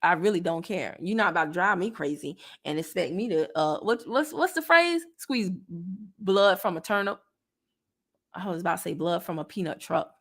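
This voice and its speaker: A woman's voice: lowish voice, lively intonation, normal speed. A woman network marketing coach talking straight to camera, blunt, sassy and colloquial, and easily worked up. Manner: gets worked up. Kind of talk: casual direct-to-camera talk.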